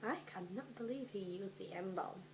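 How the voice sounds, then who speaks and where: A young woman doing a comedic dramatic reading, animated and sweary, often dropping into whispers for her asides. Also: medium pitch, moderate pace, noisy background. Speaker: vlogger.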